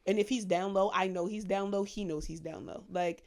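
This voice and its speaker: Animated profane podcast co-host woman. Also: a little fast, gravelly. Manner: animated storyteller, acts out gossip in high mock voices; profane, slangy. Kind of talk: casual chat.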